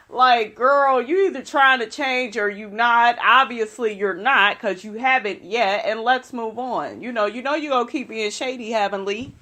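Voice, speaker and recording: A woman's voice: mid-range voice, bright, forceful tone. Sassy profane woman recapping reality TV.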